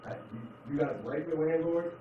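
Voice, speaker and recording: A man doing a stand-up comedy set, chatting with the audience and switching between loud put-on voices and low mutters. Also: moderate pace, slight background noise. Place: comedy club stage. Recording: echoey club, distant mic, dull sound, crowd laughter.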